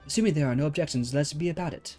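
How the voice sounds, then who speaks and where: Man reading a formal young scholar, measured and mellow, music faint. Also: on the high side, voice pushed up, lightly acted. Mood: composed.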